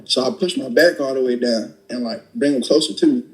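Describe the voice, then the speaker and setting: A man's voice: medium pitch, a little fast, poor audio. A young adult man casually retelling a story, acting out the dialogue with blunt, profane energy. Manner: animated, acts out dialogue with profanity. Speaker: storyteller recounting a robbery.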